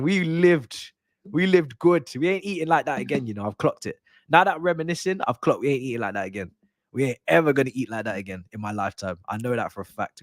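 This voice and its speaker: A man's voice: medium pitch, no echo, studio quality. Young man chatting over football. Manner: laughing, nostalgic banter with slang, loud bursts at near-misses. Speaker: watch-along streamer. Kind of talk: casual football watch-along chat.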